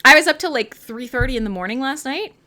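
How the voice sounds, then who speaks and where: Canadian woman streamer, tired and high, rambling and swearing, bouncy bright voice. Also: expressive, fast. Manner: rambling, giggly, profane, self-mocking. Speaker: livestream host. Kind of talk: casual livestream chat.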